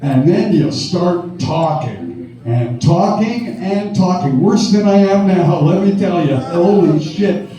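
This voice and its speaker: A man from Canada works the crowd from a club stage, swearing freely and laughing through a wild road story. His voice is a little high and mellow in tone. It comes through a live PA, booming and echoey from far off. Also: animated, slow pace. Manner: rowdy, profane and chuckling. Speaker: band frontman. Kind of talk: onstage storytelling between songs. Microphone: stage vocal mic through the PA.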